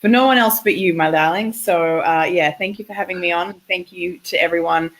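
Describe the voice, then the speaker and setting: Australian woman, 30s, relationship coach, low-pitched, effusive, video call. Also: brisk, poor audio. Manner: warm, chatty, effusive. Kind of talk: casual interview over a call.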